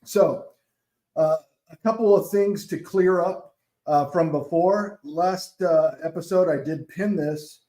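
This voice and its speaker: A man explaining board game rules in a casual, halting way, with many fillers and self-corrections. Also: fairly high pitch, mellow. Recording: echoey room.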